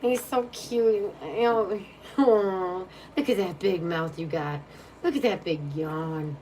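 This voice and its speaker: Slow, low-voiced woman cooing to her dog. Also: mellow. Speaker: tarot reader. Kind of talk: casual chat. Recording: distant mic with faint background hum.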